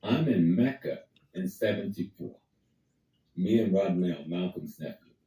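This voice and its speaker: A man's voice: low-pitched, a little slow, dark tone, echoey room, far from the mic, low-quality recording. An older man from Harlem, New York, telling a vivid story in conversation and acting out the quoted dialogue. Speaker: guest storyteller.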